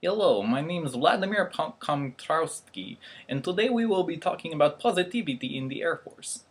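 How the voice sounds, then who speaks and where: A stiff, formal male presenter with a thick mock Russian accent, played by a man. The delivery is heavy and deliberate, pitched above his normal voice. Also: very animated, husky, exaggerated voice.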